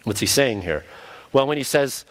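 A man preaching an earnest sermon, his voice at an everyday middle pitch. He is a pastor, and he sometimes acts out the voices of the people he quotes. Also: expressive, normal speed.

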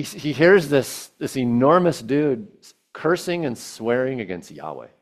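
A man preaching a sermon, retelling a scripture story with casual asides and quoted verses. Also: medium pitch.

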